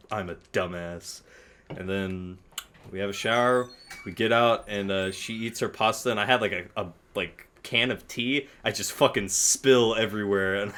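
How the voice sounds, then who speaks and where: A man's voice: medium pitch, bright, forceful tone. A young man casually telling a long rambling story while playing a game, with lots of fillers and swearing.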